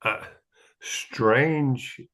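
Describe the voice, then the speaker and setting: A man from the Southern United States, interviewing a guest with slow, measured questions and small stumbles. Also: medium pitch, a bit bright.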